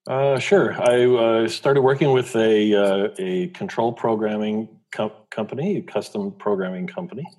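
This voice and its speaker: This is a man who works as an executive coach, speaking as a guest on an interview. His voice sits very low and has a husky grain. He talks hesitantly, with frequent fillers and restarts. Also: moderate pace, hardly any pauses, a little mellow. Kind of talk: conversational interview.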